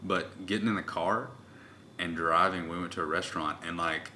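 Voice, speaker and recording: A man in his twenties hosting a podcast, telling stories in a loud, rowdy, casual way. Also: sits low, fairly even intonation, normal speed, a little hiss or hum. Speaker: podcast host. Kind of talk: casual chat.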